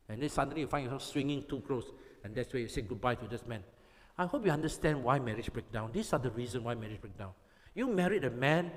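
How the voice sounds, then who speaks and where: A man from Malaysia, preaching a sermon to youth. He is emphatic and repetitive, often checking with the audience whether they understand. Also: on the high side. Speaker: pastor. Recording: long reverb of a hall.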